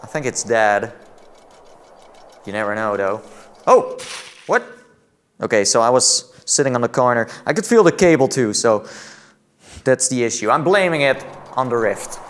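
A man's voice: medium pitch, normal speed, long pauses. A man giving let's-play commentary on a game. He is jumpy and jokey, exclaiming and laughing as he plays. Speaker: VR gameplay commentator.

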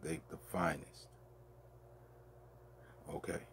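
A man telling a long, casual story as a show host, with a loose, drawn-out delivery full of restarts and asides to the listener. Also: rumbling low, little pitch movement, fairly bright tone, a little hiss or hum. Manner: loose and conversational, peppered with "man" and "you dig".

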